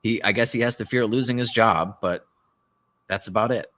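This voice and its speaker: A man co-hosting a live podcast, talking in a rambling, animated way and swearing often. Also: fairly low pitch, normal speed. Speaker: podcast co-host. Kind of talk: casual political chat. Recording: live stream call.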